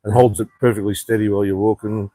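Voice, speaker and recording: A man's voice: on the low side, level tone, fast talker, mellow, no echo. A man chatting on a rambling live stream from an outdoor rooftop bar, swearing freely and reading out viewer comments. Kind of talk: casual live stream chat.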